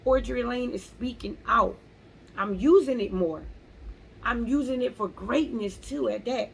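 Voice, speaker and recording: A woman's voice: on the high side, a little slow, creaky, a little hiss or hum, low-quality recording. A woman vlogger speaking earnestly about faith and pressing on, repeating key phrases for emphasis. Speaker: motivational vlogger. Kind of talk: casual faith-based encouragement.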